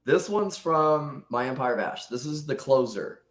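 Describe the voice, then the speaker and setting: A man's voice: mid-range voice, expressive, unhurried, roomy sound. A young adult man talking candidly and rambling as a guest poet on a podcast. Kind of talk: casual podcast conversation.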